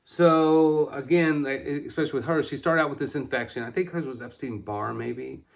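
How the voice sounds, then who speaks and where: A man's voice: mid-range voice, normal speed, gravelly. A man in his forties, a doctor presenting a patient case in a casual, candid way, self-deprecating and full of fillers.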